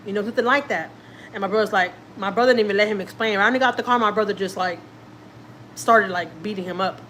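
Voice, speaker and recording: A woman's voice: medium pitch, fast talker, a bit bright, slight background noise. Chatty woman telling a story. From Houston, Texas. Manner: chatty, repeats herself, acts out quotes. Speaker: family vlogger. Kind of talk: casual storytelling to camera.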